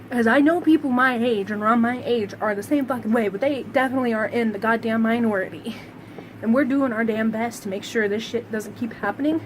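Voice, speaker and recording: A woman's voice: a little high, slight background noise, rough recording. Woman in a profane, heated rant. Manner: profane, heated, sarcastic ranting. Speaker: vlogger. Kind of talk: angry monologue to camera.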